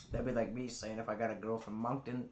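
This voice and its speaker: Hyped reaction host, roomy sound. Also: male voice, mid-range voice, darkish tone. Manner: laid-back, swears freely, hyped. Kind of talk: casual reaction chat.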